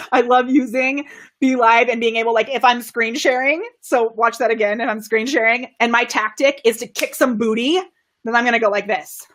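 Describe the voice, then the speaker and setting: High-energy lady coach on a livestream, bit high voice, giggly and excited, mic kept far off. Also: moderate pace. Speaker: camera confidence coach. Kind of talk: live-streamed coaching talk. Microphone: microphone kept far from her.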